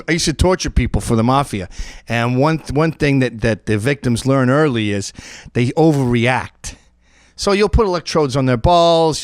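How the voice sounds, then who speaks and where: Animated man with a lively, swooping voice. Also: mid-range voice, dry recording, clean studio sound. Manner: animated, acts out screams and quoted voices. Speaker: comedic host. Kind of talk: profane comedic monologue.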